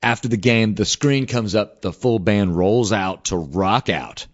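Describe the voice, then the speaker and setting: A middle-aged man, a band frontman telling road stories in a rambling, animated way, full of "man" and "dude". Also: on the low side, measured pace, lo-fi sound. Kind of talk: casual storytelling monologue.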